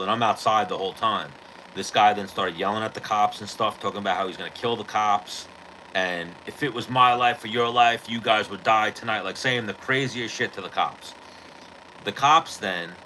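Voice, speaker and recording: Male podcast host, tense forceful low voice, casual profane storyteller, faint noise behind. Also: rough recording. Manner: rambling, profane, heavy on "like".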